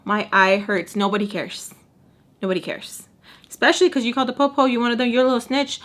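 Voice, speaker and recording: A woman's voice: fairly high pitch, fast. A young woman telling a storytime, chatty and sassy, acting out what people said. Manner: chatty, sassy, acts out quotes. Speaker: storytime vlogger. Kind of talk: casual storytime.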